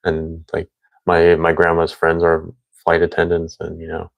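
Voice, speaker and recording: A man's voice: deep voice, completely flat delivery, moderate pace, vocal fry, no room sound. A young man chatting casually, rambling with lots of fillers. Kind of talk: casual chat.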